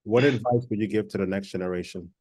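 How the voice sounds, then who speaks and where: A male host fires off quick questions in a lowish voice. His speech is fast and friendly, recorded dry and close with no echo. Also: darkish tone, slightly rough. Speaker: interviewer host. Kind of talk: casual interview questions.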